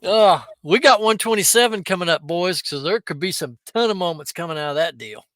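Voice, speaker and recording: An upbeat man hosts a casual podcast and steers it from segment to segment. His voice is high and bright. The sound is dry. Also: lively intonation, fairly quick, no room sound. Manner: upbeat, steers the show along. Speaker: podcast host.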